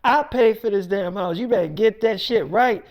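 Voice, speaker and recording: A woman's voice: mid-range voice, normal speed, lo-fi sound, close to an everyday voice. A man doing a scolding, swearing mother. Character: strict middle-aged mother, scolding and foul-mouthed.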